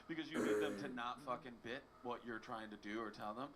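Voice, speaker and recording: A man, a guest comedian, trading deadpan, profane stories in banter. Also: mid-range voice, a little fast, over a noisy crowd.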